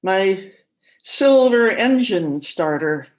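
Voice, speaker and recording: A stubborn old man with dementia, suspicious of everyone around him, as a woman reads his lines aloud. He comes through louder and sharper than the narration around him, in a middling voice. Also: medium pitch, lively intonation, drawn-out words. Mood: accusing. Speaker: story character read aloud. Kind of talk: reading fiction aloud at a conference.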